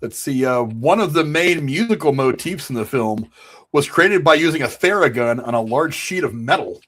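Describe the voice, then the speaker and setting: A man's voice: mid-range voice, expressive, normal speed, fairly bright tone. A man hosting a casual podcast chat, reading out trivia and laughing often. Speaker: podcast host.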